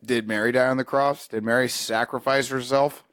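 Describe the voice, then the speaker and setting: A man hosting a podcast, telling a story in casual chat, profane and animated, acting out the people in it. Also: mid-range voice, normal speed, clean tone, no room sound. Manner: profane, animated storyteller who acts out voices. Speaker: podcast host.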